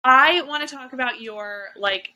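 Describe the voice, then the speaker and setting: Bright-voiced chatty woman podcast host. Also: high-pitched, unhurried, low-quality recording. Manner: chatty, lots of fillers and restarts. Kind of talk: casual chat.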